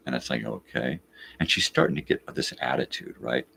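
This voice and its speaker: A man's voice: very deep voice, brisk, creaky, slight background noise. A man hosting a live morning show, telling a story casually, swearing and exasperated, acting out both sides of what was said. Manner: animated, acts out both sides of the quoted talk.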